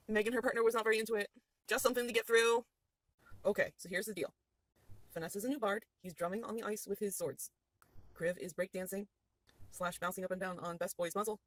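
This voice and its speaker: A woman's voice: mid-range voice, no room sound, poor audio. A woman as game master, recapping a tabletop game session with playful storytelling.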